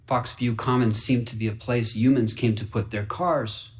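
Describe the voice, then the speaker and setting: A man reading a fable aloud for radio in an earnest, wide-eyed way, dropping to hushed whispers and rising into excited bursts. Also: medium pitch, moderate pace. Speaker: story reader.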